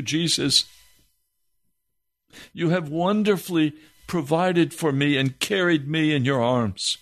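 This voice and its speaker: A man praying aloud, pleading and heavy-hearted in a slow, impassioned spoken prayer. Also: on the high side, a bit bright.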